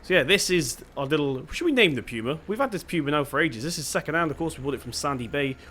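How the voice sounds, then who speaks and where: This Devon-accented gaming host talks fast in a slightly high, fairly bright voice with lively intonation. He's a young Englishman giving relaxed commentary on a farming game, musing out loud as he goes, with slight background noise behind him.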